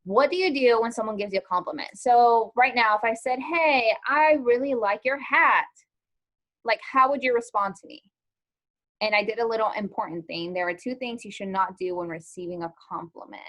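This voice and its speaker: A woman's voice: mid-range voice, fairly quick. Chatty woman teaching an online class. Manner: chatty, lots of ums and likes, asks students questions.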